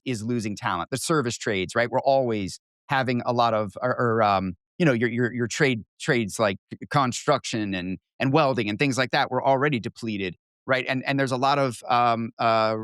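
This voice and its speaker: A man's voice: medium pitch, a bit bright, dry recording, clean studio sound. A man hosting a podcast, chatting enthusiastically and repeating himself often. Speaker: podcast host. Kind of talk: casual interview chat.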